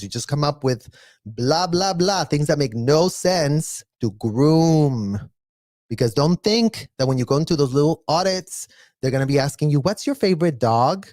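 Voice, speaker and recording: Blunt, animated man in a dry room. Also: mid-range voice, no room sound. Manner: animated, mocking, mimics others in exaggerated voices; blunt, mildly profane. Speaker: live reaction streamer. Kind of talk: casual reaction commentary.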